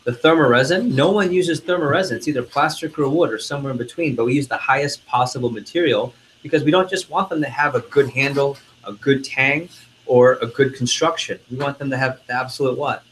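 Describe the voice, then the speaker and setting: A male sales trainer working a room, hammering home key words and drilling the class in call-and-response. His voice sits at an ordinary pitch, with a faint hiss under it. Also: brisk, fairly bright tone, poor audio.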